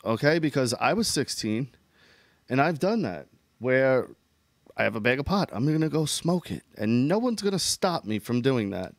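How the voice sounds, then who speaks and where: A man's voice: mid-range voice, very animated, normal speed, no echo. A middle-aged man co-hosting a casual chat, plainspoken and laid-back. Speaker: podcast co-host.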